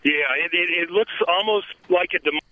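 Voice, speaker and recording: A man's voice: sits high, quick pace. A man calling in to a radio show from a haunted trail in the woods, rambling and laughing, with many fillers. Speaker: haunted attraction worker calling in. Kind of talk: casual phone call to a radio show. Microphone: phone. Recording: tinny phone line.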